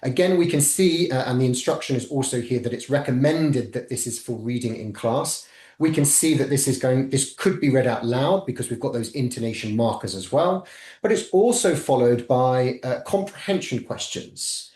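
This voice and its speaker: A man's voice: mid-range voice, expressive, normal speed, a little mellow. Man presenting a webinar, roomy sound. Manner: methodical, walking through slides. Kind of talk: academic webinar talk.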